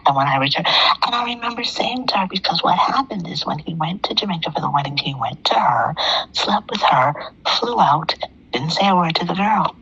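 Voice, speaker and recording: A woman's voice: low-pitched, animated, normal speed, gravelly, fairly bright tone, slightly rough, dull audio. A middle-aged woman calling in to a talk show, telling a personal story in an emphatic way and repeating phrases for effect. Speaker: caller.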